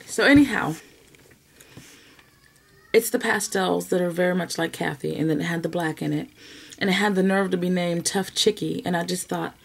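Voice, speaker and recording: A woman's voice: fairly low pitch, normal speed, creaky, long pauses. A woman hosting a knitting podcast, chatting casually to camera with lots of laughter. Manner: chatty, animated, laughs often. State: emotional, near tears at times.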